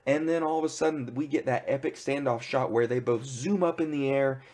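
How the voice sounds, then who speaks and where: A man casually retelling a TV episode in an excited, rambling way, full of filler words. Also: medium pitch, fairly quick. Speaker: pop culture reviewer. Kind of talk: casual spoiler recap.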